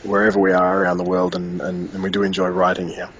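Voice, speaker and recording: A man's voice: deep voice, completely flat delivery, fast talker, dull audio, slight background noise. An Australian man answering interview questions in a casual, hesitant way, with many restarts and fillers. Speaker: band member interviewed.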